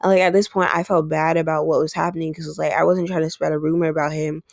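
Gravelly-voiced woman telling a rambling storytime. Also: sits low, level tone, quick pace, no echo, studio quality. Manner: rambling, heavy use of "like", acts out quoted dialogue. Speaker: podcast host. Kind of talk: casual storytime monologue.

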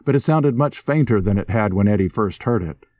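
A man narrating a scripted ghost story in a steady storytelling manner. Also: brisk, no echo. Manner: steady storyteller, voices characters with lifted pitch. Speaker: narrator and host.

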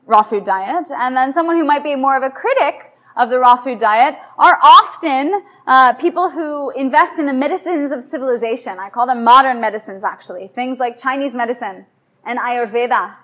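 A woman's voice: high-pitched, normal speed, fairly bright tone. A woman giving a live evening lecture to an audience, chatty and playful, often putting questions to the listeners. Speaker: lecturer on raw food and yoga.

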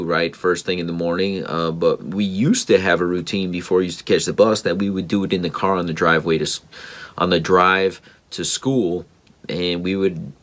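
A man in his thirties speaks in a deep, low voice as he recounts his morning. He is tired and talks in a casual, earnest and reflective way. He often stops to restart his sentences and fills the gaps with ums. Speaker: father vlogger. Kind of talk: casual personal storytelling.

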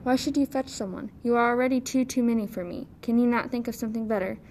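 Woman putting on a shrill old dwarf, spiteful, loud and snapping, storybook. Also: fast talker, a little hiss or hum, natural voice. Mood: angry scolding. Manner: snapping, scolding.

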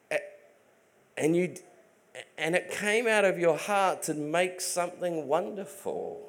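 Earnest high-voiced male preacher. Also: lively intonation, slow pace, long pauses, a bit bright. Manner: earnest, emphatic, with many restarts. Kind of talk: sermon.

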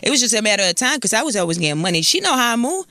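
A Puerto Rican woman in her thirties talks quickly as an interview guest. She is blunt and profane, with a bright edge on every word and a dry, close sound. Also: on the high side, big pitch swings, no room sound. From Puerto Rico. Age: 30s. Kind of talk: casual interview chat.

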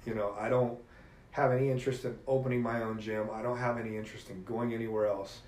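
A middle-aged man telling stories as a podcast guest, in an animated, emphatic way. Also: medium pitch, quick pace. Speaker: podcast guest, jiu-jitsu black belt. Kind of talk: casual storytelling conversation. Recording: echoey room with faint ambient noise.

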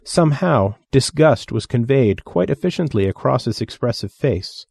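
A man narrates an audiobook story in a steady, measured way. His voice is mellow and dark, recorded dry and close. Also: mid-range voice, gravelly, slightly rough, dry recording.

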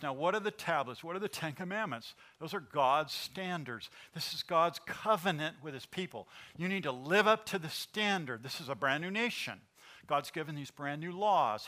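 A man preaching a sermon as pastor, animated and asking the congregation questions. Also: a little high.

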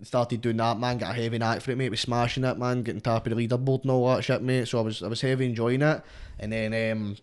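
A man's voice: medium pitch, flat delivery, fast talker, clean tone. A young man with a Glasgow Scottish accent, rambling and swearing in casual chat, with "mate" after nearly every phrase. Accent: Glaswegian Scottish. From Scotland. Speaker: guest rapper.

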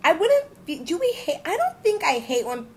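A young woman co-hosting a podcast in casual chat, agreeable and quick to affirm and laugh along. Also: very high voice, very animated, a little hiss or hum. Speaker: podcast co-host.

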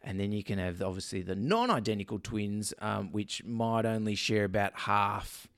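A man's voice: lowish voice, lively intonation, normal speed, fairly bright tone, clear, resonant tone, no room sound, clean studio sound. A man co-hosting a casual vet podcast, joking and reading articles aloud with lots of ums. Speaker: veterinarian podcast co-host. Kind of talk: casual chat.

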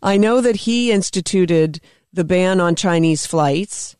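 A woman's voice: lowish voice, takes it slowly, a little mellow, smooth, dry recording, studio quality. A woman hosting a political talk radio show, speaking emphatically and asking pointed rhetorical questions.

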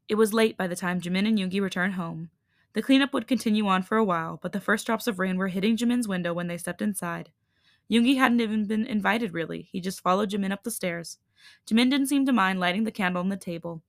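A woman host narrating a fan fiction story in an even, measured reading. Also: mid-range voice, vocal fry, no room sound, clean studio sound.

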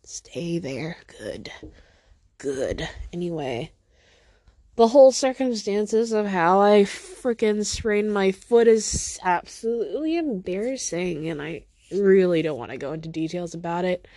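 A woman hosts her own podcast from home in a casual, rambling solo monologue, teary from crying, poking fun at herself and pausing to speak to her cat. Her voice is medium-pitched, mellow and measured, recorded dry in studio quality.

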